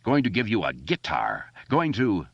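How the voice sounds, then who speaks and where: A man voicing a wisecracking boy who keeps doing silly voices, in a jokey, squeaky manner. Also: wildly swooping pitch, moderate pace, gravelly, a bit bright, slightly rough, dry recording, exaggerated voice. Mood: joking. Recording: dull lo-fi audiobook recording.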